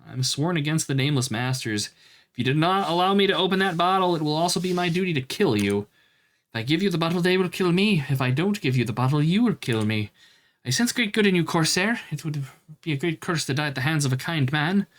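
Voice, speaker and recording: A man's voice: a little high, expressive, fast talker, fairly bright tone. A man voicing a guard torn between honor and duty, speaking solemnly in a raised voice.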